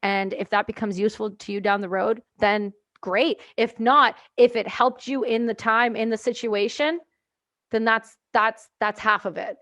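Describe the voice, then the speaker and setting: A woman's voice: fairly high pitch, fairly even intonation, normal speed, a bit bright. A woman hosting a podcast in casual chat, encouraging and blunt, swearing freely. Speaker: podcast host.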